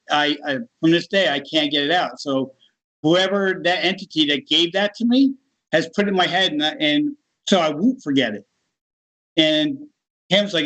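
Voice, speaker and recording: A middle-aged American man telling a personal story in a casual, animated interview. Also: a little high, poor audio. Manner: animated, laughs while telling. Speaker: guest.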